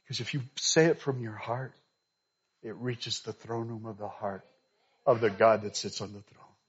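Man preaching with loud emphatic bursts. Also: on the low side, steady tone, moderate pace, breathy edge. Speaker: pastor. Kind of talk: sermon. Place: church sanctuary. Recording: slightly dull, lo-fi recording.

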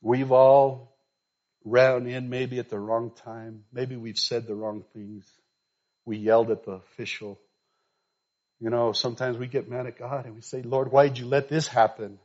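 Man preaching with loud emphatic bursts. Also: medium pitch, flat delivery, measured pace. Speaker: pastor. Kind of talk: sermon. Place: church sanctuary. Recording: slightly dull, lo-fi recording.

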